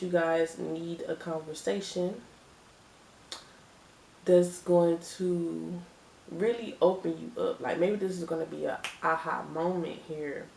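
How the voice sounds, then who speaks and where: A woman's voice: on the low side, gravelly, darkish tone, slight background noise. A woman giving a casual tarot reading, chatty and emphatic, repeating her phrases and laughing often. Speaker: tarot reader. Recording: echoey room, distant mic.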